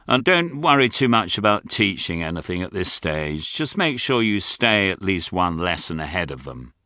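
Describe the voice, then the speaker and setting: A man's voice: sits low, very animated, normal speed, sharp tone, dry recording, studio quality, heavily acted. An older man voicing a breezy, chummy older male teaching-agency man in an audiobook, his tone offhand and reassuring.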